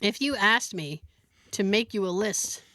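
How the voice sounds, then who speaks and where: A woman co-hosting a podcast, telling a story in a casual, animated way and laughing often. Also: mid-range voice, unhurried, no room sound, clean studio sound. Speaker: podcast co-host.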